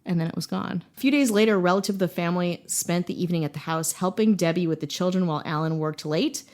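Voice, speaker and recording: A woman's voice: fairly low pitch, quick pace, darkish tone. Playful woman podcast host telling a story. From Wisconsin, USA. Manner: playful, jokey asides and laughs while telling a story.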